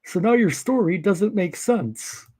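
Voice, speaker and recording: A man's voice: sits high, animated, unhurried, heavy background noise. A man hosting a live reaction stream, making wry, sarcastic remarks. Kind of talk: casual live reaction commentary.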